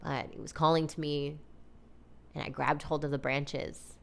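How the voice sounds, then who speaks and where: A woman hosting a podcast, telling a personal story in a casual, animated, chatty way, full of "like" and "you know". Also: low voice, measured pace, gravelly. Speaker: podcast host.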